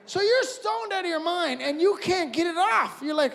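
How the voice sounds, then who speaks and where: High-voiced man doing stand-up. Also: moderate pace, creaky, a faint crowd, slight background noise. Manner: animated, acts out voices and scenes. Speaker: stand-up comedian. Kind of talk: stand-up comedy. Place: auditorium stage before a live audience.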